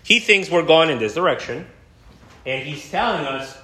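A man preaching a sermon as pastor, talking in a lively, conversational way and laughing now and then. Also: on the high side, moderate pace, echoey room.

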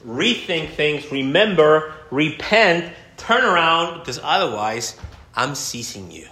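A man preaching a sermon as pastor, talking in a lively, conversational way and laughing now and then. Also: fairly high pitch, slow pace, reverberant.

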